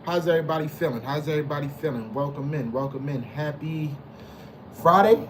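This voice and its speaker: A man with a slightly high voice talks a little fast against background noise while hosting a casual live stream. Hyped and slangy, he names chat members as he greets them and keeps repeating his phrases.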